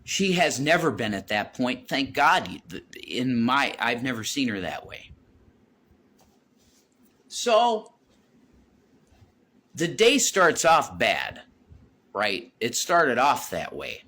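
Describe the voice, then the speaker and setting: A man's voice: medium pitch, big pitch swings, slow pace, pauses often, bright, forceful tone. A man rambling and swearing as he walks around his house, vlogging into his phone. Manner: rambling, repeats himself, swears a lot. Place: home, walking around with a phone.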